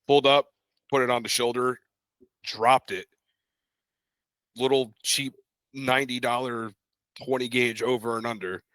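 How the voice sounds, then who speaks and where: A man's voice: mid-range voice, a little slow, pauses often, no echo. A young man co-hosting a podcast, casually telling a story and acting out the voices of the people in it. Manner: animated, acts out quoted voices in his stories. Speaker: podcast co-host.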